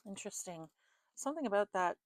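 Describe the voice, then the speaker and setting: A woman's voice: medium pitch, animated, fast, no echo. Exasperated woman reading cards, close dry mic. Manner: exasperated, swears often, laughs in frustration. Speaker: tarot reader. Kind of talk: casual spiritual reading.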